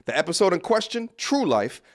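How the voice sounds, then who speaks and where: A man's voice: high-pitched, big pitch swings, fairly quick. A man hosting a casual commentary video, laughing and mocking in a blunt, profane way.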